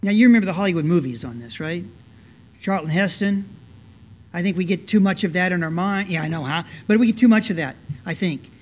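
A pastor delivers a Bible teaching in a loose, conversational way, filling pauses with small asides and restarting his sentences. He grows earnest and lifts his voice whenever he drives a point home. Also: high voice, animated. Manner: conversational, many "you know" fillers and restarts; earnest, rising with emphasis. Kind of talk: expository sermon.

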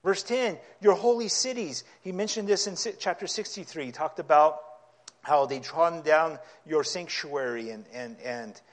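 A man preaching a sermon, reading scripture aloud and explaining it, his delivery growing impassioned until he is nearly yelling. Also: a little high, moderate pace. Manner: impassioned, rising to yelling at times.

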